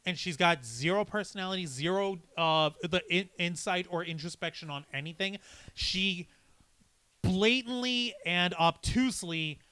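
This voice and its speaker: Bright, high-voiced man ranting casually. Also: measured pace, clear, resonant tone, dry recording. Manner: rambling, profane, emphatic. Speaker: podcast co-host. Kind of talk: casual live-stream chat.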